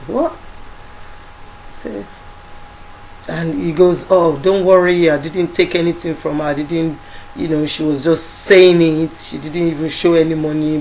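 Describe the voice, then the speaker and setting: A woman with a Nigerian accent recounts events in a relaxed, conversational way, pausing often with fillers and restarting her sentences. Her voice sits on the lower side. A faint hiss of background noise runs under the recording. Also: rough recording. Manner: halting, many fillers and restarts, quotes others in dialogue. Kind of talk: casual spoken storytelling.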